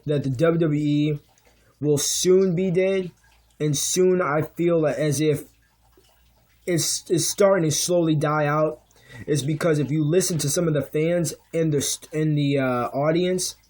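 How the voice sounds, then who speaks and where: A man's voice: on the high side, a little mellow. A young man giving a heated, profane, unscripted rant, often restarting his sentences. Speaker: vlogger.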